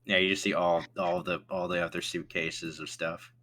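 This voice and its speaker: A man running a tabletop game as game master, narrating in a relaxed way and laughing often. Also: sits low, moderate pace.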